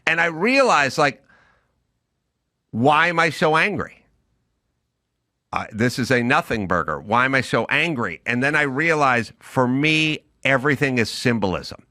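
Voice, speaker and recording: A man's voice: mid-range voice, expressive, unhurried, long pauses, pushed and bright, dry recording, studio quality. A middle-aged man co-hosting a podcast, telling stories in an emphatic, ranting way. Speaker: podcast co-host. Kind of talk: casual chat.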